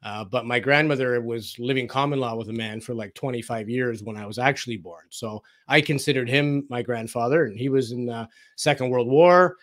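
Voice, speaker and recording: On a radio interview, a male guest relays personal stories in an easygoing, anecdotal style, voicing quoted lines himself amid many fillers. His mid-range, slightly bright voice runs at a normal speed with few pauses.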